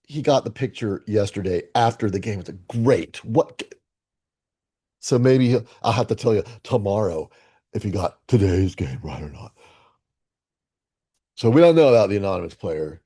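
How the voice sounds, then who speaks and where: A man's voice: on the low side, warm tone, slightly rough. Playful rambling man in his 60s. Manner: playful, rambling, talks to himself. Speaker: game-playing video host. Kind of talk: casual solo commentary.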